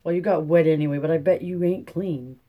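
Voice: mid-range voice, fairly even intonation, lo-fi sound, lightly acted. A reader voicing a weary, practical farm mother with a folksy rural drawl. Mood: matter-of-fact. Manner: brisk, bossy.

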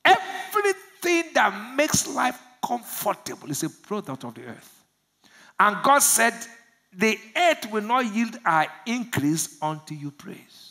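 A pastor from Nigeria preaching a sermon, asking the congregation to finish his lines and swinging from low murmurs to loud shouts. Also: huge pitch swings, measured pace, creaky, breathy edge. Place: church service.

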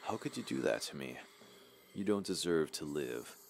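Vengeful ghost wife, voiced by a deep-voiced man. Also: expressive, moderate pace, gravelly, darkish tone, slight background noise, exaggerated voice. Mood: menacing. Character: vengeful dead wife's ghost, woman, cold and menacing.

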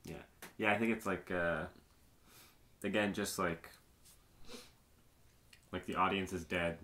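A man's voice: low voice, fairly even intonation, slow, pushed and bright. A man co-hosting a film podcast, talking loosely and rambling, with casual swearing. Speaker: podcast co-host.

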